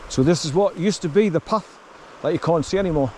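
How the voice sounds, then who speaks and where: A man with a slightly high voice gives a blunt walking commentary outdoors on an overgrown path. He sounds worn out from pushing through the undergrowth, swears freely and keeps urging his dog on. A faint outdoor hiss sits behind him. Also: a little fast, rough recording. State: tired from wading through bracken. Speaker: vlogger.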